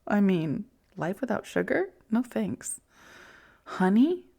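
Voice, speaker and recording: A woman in her forties hosting a reflective self-help podcast, talking softly and often in a whisper, soothing herself. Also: on the low side, normal speed, creaky. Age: 40s. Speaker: podcast host.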